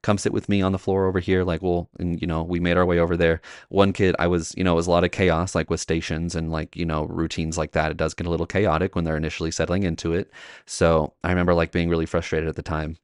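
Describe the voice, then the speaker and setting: A man's voice: sits low, monotone, fast talker, clean tone, no echo, studio quality. A young man, a teacher hosting his podcast, telling a classroom story in a chatty way with lots of fillers and acted-out quotes. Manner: chatty, many "like" fillers, acts out quoted voices. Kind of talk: casual storytelling monologue.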